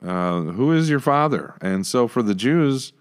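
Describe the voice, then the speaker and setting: A man co-hosting a casual Bible study discussion, talking it through in a relaxed way with many fillers. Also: mid-range voice, a little slow, clear, resonant tone. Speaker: co-host discussing scripture.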